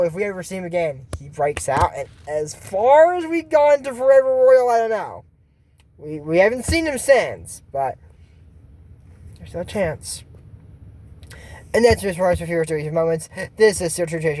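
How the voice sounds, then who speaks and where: Rambling, excitable young-sounding male recapper. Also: high voice. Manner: rambling, filler-heavy, excitable, jokey asides. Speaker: YouTube cartoon commentator. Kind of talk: casual recap commentary.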